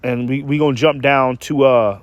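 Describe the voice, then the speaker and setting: A man preaching online delivers a heated, emphatic rant, reading scripture aloud, stumbling over words, and repeatedly tagging his points with "okay?" and "man." His voice is mid-range with fairly even intonation and normal speed. The recording has no room sound and the highs are cut off.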